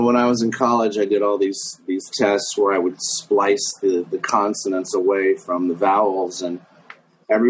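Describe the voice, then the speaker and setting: A middle-aged man talks in a low voice as a guest, musing out loud and pausing on fillers. His delivery is relaxed and thoughtful. A faint hiss sits under the recording. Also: low-quality recording. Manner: hesitant, musing, with many fillers. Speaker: guest impressionist. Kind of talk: casual chat.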